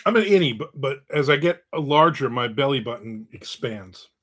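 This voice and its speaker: Expressive and a bit bright, this medium-pitched voice moves at a normal speed. It belongs to a middle-aged man hosting his own relaxed live show, where he reads comments, relates ordinary stories and banters with viewers.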